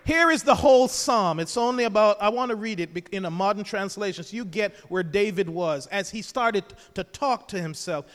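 A pastor preaching a fervent sermon in a church sanctuary, his voice unusually high for a man. He shifts between quiet, close moments and loud, rising exhortations, with hallelujahs between them. His words ring out with a long, echoing hall reverb. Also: moderate pace, few pauses. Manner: impassioned, swinging from hushed to loud exhortation; repetitive call-and-response preaching with hallelujahs.

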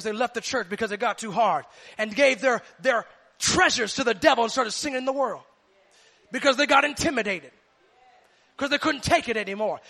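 High, gravelly-voiced fervent preacher man. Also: fairly bright tone. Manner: fervent, repetitive preaching cadence. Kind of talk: sermon.

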